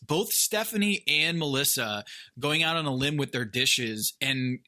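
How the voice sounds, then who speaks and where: A man co-hosting a podcast, speaking in a relaxed, conversational way. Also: fairly high pitch, normal speed. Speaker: podcast co-host. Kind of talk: casual chat.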